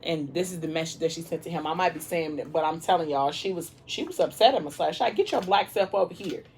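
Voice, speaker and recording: A woman's voice: low voice, quick pace, darkish tone, slight background noise. A woman vlogger casually retelling a novel's plot while eating, rambling and full of fillers. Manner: rambling, heavy use of "like" and "you know".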